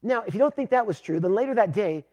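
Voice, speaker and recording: A pastor preaching a sermon, emphatic, moving between loud declarations and hushed, pleading passages. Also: male voice, sits high, expressive, fast.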